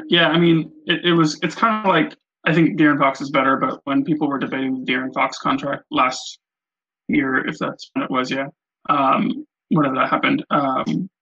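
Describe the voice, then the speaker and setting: A man's voice: fairly high pitch, a bit bright, breathy edge, dull audio. A man as a guest on a casual sports podcast, talking with many ums and restarts.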